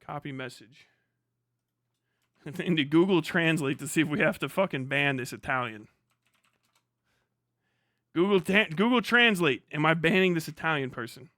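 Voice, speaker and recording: A man's voice: on the high side, moderate pace, pauses often, no room sound, clean studio sound. A man streaming live, chatting casually, swearing constantly and laughing often. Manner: profane, excitable, laughs often.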